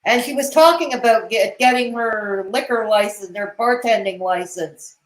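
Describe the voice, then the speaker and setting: A woman's voice: a little high, normal speed, roomy sound, rough recording. A woman commentating on a live stream, with sarcastic, mocking and cutting remarks.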